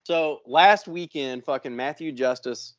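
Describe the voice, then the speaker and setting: A man with a slightly raised voice co-hosts a casual podcast. He tells a long, lively story and swears freely all the way through. The recording sounds dull and lo-fi. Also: fairly high pitch, a little slow, heavy background noise. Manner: profane, animated storyteller. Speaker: podcast co-host.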